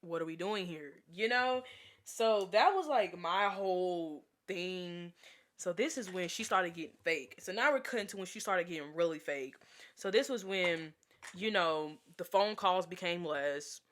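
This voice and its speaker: A woman's voice: on the low side, a little slow, fairly bright tone. A young woman telling a casual storytime vlog, chatty and exasperated, with lots of filler words. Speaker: vlogger.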